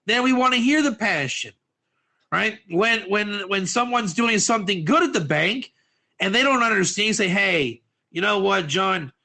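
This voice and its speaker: Man, lively class lecture, bright tense voice, acts out quotes, asks audience questions. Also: high voice, moderate pace. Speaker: Torah teacher.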